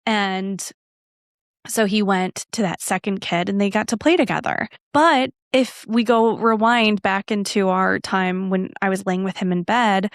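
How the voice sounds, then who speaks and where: A woman's voice: mid-range voice, measured pace, dry recording. Woman podcast host just chatting, lots of asides, acts out the dialogue, dry close sound. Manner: animated, acts out quoted dialogue; chatty with frequent fillers and asides. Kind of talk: casual solo podcast storytelling.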